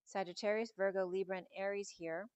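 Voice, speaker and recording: A middle-aged woman gives a spiritual tarot reading in a mid-pitched voice, wandering from one number and symbol to the next. Her voice is slightly hoarse, and the recording sounds dry and close. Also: steady tone, a little fast, darkish tone, no room sound. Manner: musing, meandering delivery linking numbers and symbols. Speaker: tarot reader.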